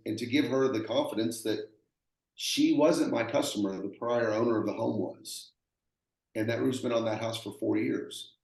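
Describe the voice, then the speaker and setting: Texan man, mid-pitched, earnest plainspoken storyteller, roomy echo. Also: vocal fry, darkish tone. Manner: earnest, plainspoken, repeats himself and acts out quoted voices. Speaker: roofing contractor, guest. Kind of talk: conversational storytelling. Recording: echoey room.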